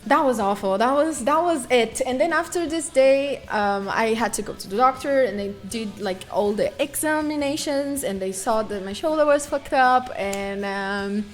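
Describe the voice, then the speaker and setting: Animated woman streamer. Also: fairly high pitch, normal speed, hardly any pauses, soft background music. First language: Portuguese. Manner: animated, swears freely, acts out sounds and screams. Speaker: live streamer. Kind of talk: casual storytelling to chat.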